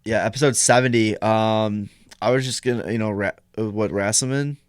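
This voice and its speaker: A man's voice: lowish voice, steady tone, moderate pace, smooth, dry recording, clean studio sound. A young man hosting a podcast, laughing and swearing in casual banter. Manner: laughing, loose, swears often. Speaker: podcast host.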